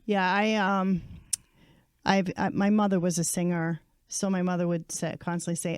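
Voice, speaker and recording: An eager woman hosts a casual chat in a smooth, clean voice. The sound is dry and close, with no room behind it. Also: on the low side, flat delivery, moderate pace, a little mellow, dry recording. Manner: eager, encouraging. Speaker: host.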